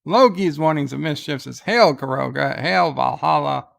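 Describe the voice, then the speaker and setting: Gravelly-voiced man reading out live chat. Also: on the high side, normal speed, fairly bright tone. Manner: weary, wry, reads chat messages aloud with asides. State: exhausted. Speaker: livestream host. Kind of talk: casual livestream chat, reading viewer comments aloud. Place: at home in bed.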